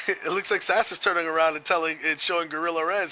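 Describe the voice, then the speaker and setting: Bright, excitable male game commentator. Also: a little high, quick pace, slight background noise, low-quality recording. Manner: excitable, rambling, laughs often. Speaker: play-by-play announcer. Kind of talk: esports match commentary.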